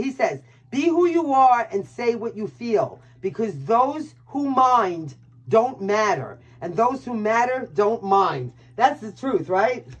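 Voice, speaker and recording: A woman's voice: mid-range voice, slightly rough, poor audio. Brash chatty woman reading tarot. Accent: Brooklyn New York. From Brooklyn, New York. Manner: chatty, brash, swears and laughs at own jokes. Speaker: tarot reader and live-stream host. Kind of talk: casual live-stream tarot reading.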